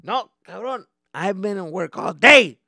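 Man putting on a shouting exasperated Mexican dad. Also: fairly high pitch, animated, unhurried, creaky, dry recording, clean studio sound, pitched above the performer's own voice. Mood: scolding. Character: irritated middle-aged father back from work, scolding.

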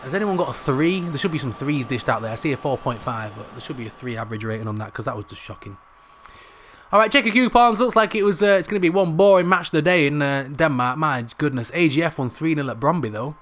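A young man commentating live on his own football video game match, excitable and jokey, swearing mildly and shouting at near misses. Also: on the high side, fast, slight background noise. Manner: excitable, shouts at big moments; calls players "brothers", mild swearing. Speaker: gaming YouTuber.

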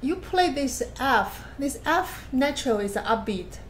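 In a high, expressive voice and at a slightly slow pace, a woman gives patient masterclass feedback on a recorded piano performance, explaining plainly and counting or humming passages. The recording carries a little hiss or hum, with piano playing behind her.

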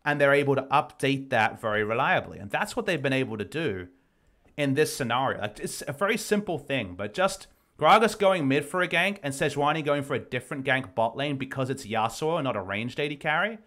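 A man's voice: medium pitch, animated, fairly quick, fairly bright tone. A man breaking down a recorded match as an esports analyst, explaining plays in detail. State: losing his voice. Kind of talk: game review commentary.

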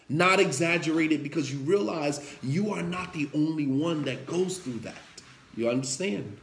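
A man preaching a sermon, emphatic and repetitive, who acts out the quotes in his stories. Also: on the high side. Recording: roomy echo.

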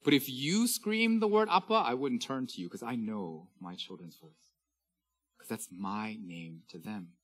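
A pastor in his thirties preaches a sermon, swinging between loud, declaimed scripture readings and hushed, intimate asides. His mid-range voice is animated and unhurried, with faint music behind him.

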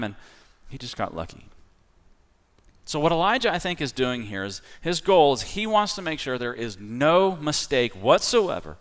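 A man preaching a sermon as pastor. He talks in a conversational, animated way, telling the story with everyday fillers. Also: a little high, clear, resonant tone. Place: church sanctuary. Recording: long reverb of a large hall.

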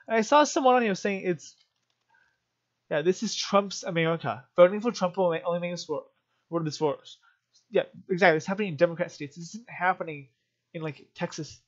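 Vlogger, male, slightly high voice, emotional rambling commentary with restarts, muffled lo-fi audio. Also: a little fast. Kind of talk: rambling commentary while reading articles.

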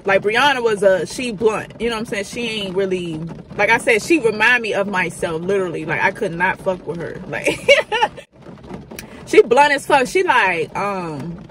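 A woman's voice: medium pitch, animated, unhurried, fairly bright tone, a little hiss or hum. A woman in her thirties telling a candid, profane storytime in casual slang. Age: 30s. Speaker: vlogger. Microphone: phone camera.

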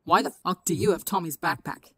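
A woman voicing an aggressive teenage boy vigilante who snarls and shouts accusations. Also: fairly low pitch, fairly quick, no echo, clean studio sound. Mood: angry.

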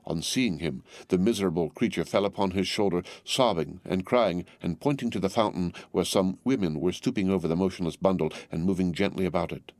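A man narrating a classic novel as an audiobook in a measured, formal storytelling manner. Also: low voice, darkish tone, no room sound.

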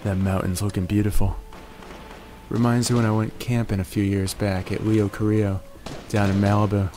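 A man in a groggy morning voice narrating his gameplay, relaxed and jokey, making little puns as he goes. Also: lowish voice, normal speed, slight background noise. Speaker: gaming video host. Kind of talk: gameplay commentary.

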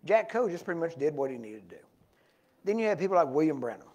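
A man's voice: a little high, fast talker. A male preacher with a slightly raised voice spins loose, winding stories from the pulpit, correcting himself as he goes. He wears a small clip-on microphone in a church. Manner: rambling anecdotes with self-corrections, grows animated. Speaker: guest preacher. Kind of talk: storytelling sermon. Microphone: small wearable microphone.

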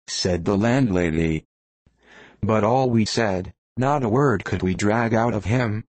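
A man narrating an audiobook in a plain, steady storytelling manner. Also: fairly low pitch, takes it slowly, no room sound. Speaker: volunteer reader.

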